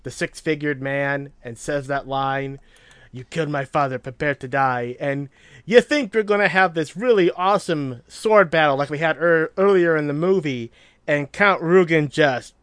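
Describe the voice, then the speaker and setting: A man co-hosting a casual chat, talking animatedly and sometimes acting out quotes loudly. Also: a little high, measured pace, no echo, studio quality. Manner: animated, acts out quotes in a loud voice. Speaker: podcast co-host. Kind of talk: casual film discussion.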